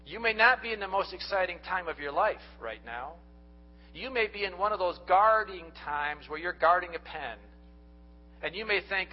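A man's voice: high-pitched, lively intonation, normal speed. A man preaching a sermon as pastor, speaking earnestly and directly to his congregation and telling folksy stories. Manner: folksy storytelling. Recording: dull lo-fi recording.

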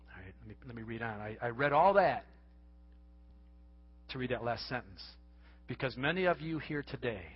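A man's voice: medium pitch, lively intonation, normal speed, long pauses, slightly rough, highs cut off. A male pastor giving a sermon, reading a passage aloud earnestly and expressively. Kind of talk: sermon with a book read aloud.

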